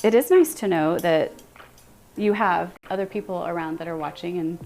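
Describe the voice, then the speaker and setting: A young American woman chatting casually with her viewers on a live stream, animated and quick to laugh. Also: fairly low pitch, soft background music.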